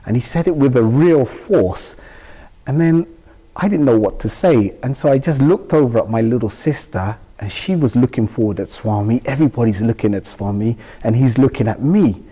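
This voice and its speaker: Recorded in a large hall, a husky, mellow-voiced man from the UK shares an emotional personal story as an interview guest. He's expressive, speaks at a normal pace with medium pitch, and acts out the dialogue in his vivid retelling.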